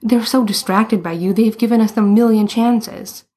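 A woman's voice: a little high, fairly even intonation, normal speed, darkish tone, breathy edge, voice pushed up. A woman reading the part of a cocky, teasing teenage boy hockey player in a storybook. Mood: gleeful. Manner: gleeful, teasing.

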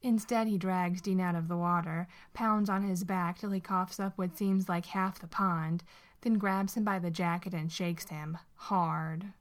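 A woman narrating a story aloud in an expressive, steady way. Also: fairly low pitch, a little slow.

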